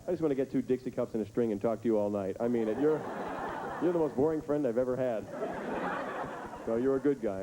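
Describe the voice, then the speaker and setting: A male stand-up comedian teasing audience members with rapid, absurd riffs on a theater stage. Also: mid-range voice. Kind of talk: stand-up comedy with crowd work. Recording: noisy live stage recording.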